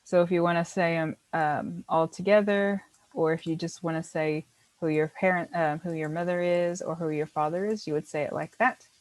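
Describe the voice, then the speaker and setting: A woman's voice: on the low side, fairly even intonation, moderate pace, darkish tone, no echo, poor audio. A woman teaching a beginner language class, explaining patiently step by step and encouraging her students.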